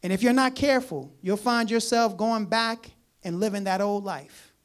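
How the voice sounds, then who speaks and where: An emphatic preacher in the middle of a sermon, with a mid-pitched voice. The preacher reads scripture aloud and then comments on it. Key phrases come back again and again, and the delivery swings from loud, urgent declarations down to quiet asides. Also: normal speed.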